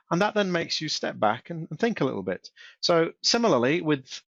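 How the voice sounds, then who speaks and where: A man presenting a casual webinar on self-help. He often stumbles, repeats his words and restarts his sentences, and he reads example sentences in a flat voice. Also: medium pitch, a little fast, no echo. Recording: dull, dry close-mic recording.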